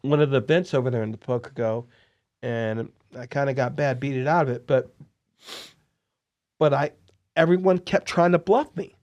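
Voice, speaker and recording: A man hosting a podcast, telling poker-dealing stories in an excitable, animated way. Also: medium pitch, moderate pace, muffled recording. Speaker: podcast host and poker dealer. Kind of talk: casual storytelling interview.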